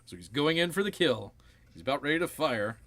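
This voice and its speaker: A man's voice: a little high, very animated, fairly quick, fairly bright tone. A man hosting a casual movie watch-along, making wry, jokey remarks about the film. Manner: jokey, wry, often slips into silly voices. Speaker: streamer, host.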